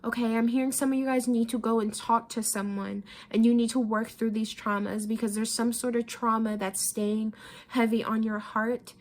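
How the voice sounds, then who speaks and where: A woman's voice: fairly high pitch, little pitch movement, moderate pace. A young woman giving a tarot reading, emotional and casual, often repeating herself and swearing freely. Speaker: tarot reader. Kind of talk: pick-a-card tarot reading.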